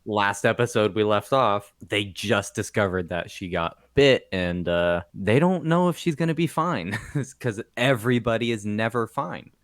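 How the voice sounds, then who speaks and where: A relaxed man with a fairly low voice chats about a TV episode as co-host. He talks loosely with plenty of fillers. The recording is dry and close, with no room sound. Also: a little slow, few pauses, no echo. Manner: easygoing, laughs often, filler-heavy. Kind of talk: casual TV episode review chat.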